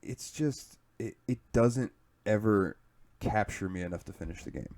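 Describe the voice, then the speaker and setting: Casting: deep-voiced southern guy, podcast co-host, loose profane storyteller. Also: moderate pace, a little mellow. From southern United States. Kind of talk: casual chat.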